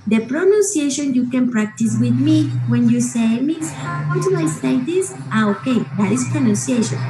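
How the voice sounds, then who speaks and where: High-voiced teacher. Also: female voice, expressive, over music. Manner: slow, patient, repeats and stresses words, checks with "okay?". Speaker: English teacher. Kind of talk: classroom teaching. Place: classroom. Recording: roomy classroom echo.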